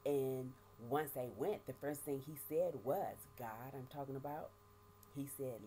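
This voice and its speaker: A middle-aged woman giving a halting, emotional personal testimony, often repeating words and speaking of her faith. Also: extremely low pitch, over music. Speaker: vlogger sharing life after prison.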